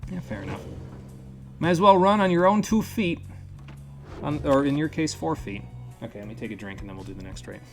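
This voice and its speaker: A man's voice: fairly high pitch, a little fast, soft background music. A man live-streaming a video game, chatting casually and thinking aloud, with the occasional curse. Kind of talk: live gameplay commentary.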